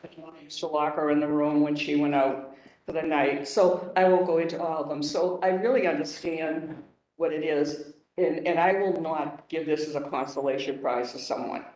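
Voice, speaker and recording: A woman's voice: low-pitched, fairly even intonation, moderate pace, darkish tone, distant mic. An older woman on a council, speaking at a hearing in an emotional, rambling, outspoken way. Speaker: council member. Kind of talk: hearing remarks. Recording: roomy, off-mic in a hall.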